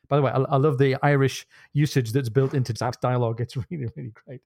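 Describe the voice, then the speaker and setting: A man's voice: medium pitch, steady tone, quick pace, creaky, few pauses, a little mellow. A man co-hosting a casual book podcast, reading passages aloud and commenting with animation. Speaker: podcast co-host.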